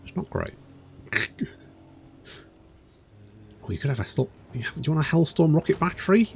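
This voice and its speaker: A man's voice: on the low side, sing-song, takes it slowly, pauses often, a little hiss or hum. A man in his thirties giving let's play commentary, chatty, swearing and muttering to himself. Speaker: gaming channel host. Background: game music.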